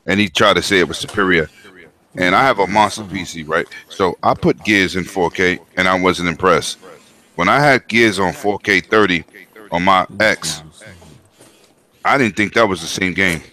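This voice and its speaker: A man's voice: sits low, sharp tone. A man hosting a casual gaming podcast, emphatic and slangy, on a home mic. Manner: emphatic, slangy, quick interjections. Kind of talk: casual chat.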